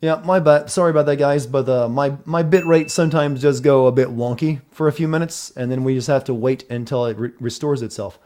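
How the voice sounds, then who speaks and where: Mellow-voiced male game streamer. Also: mid-range voice, fairly quick, few pauses. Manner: chatty, apologetic about stream trouble. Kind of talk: casual game stream chat.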